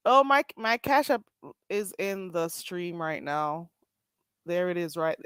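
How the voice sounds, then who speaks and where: A woman with a Jamaican accent and a fairly low, clean-toned voice hosts a casual livestream at a slow pace. She reads chat comments aloud, animated, laughing and exclaiming, in a dry recording.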